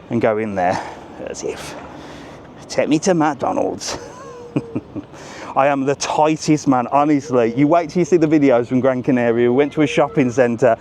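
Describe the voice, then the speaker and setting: Out on resort streets, this man keeps up a casual, cheeky live walking vlog, talking directly to viewers and reading out their messages. He has a mellow, mid-range voice, and faint traffic and street sounds drift in.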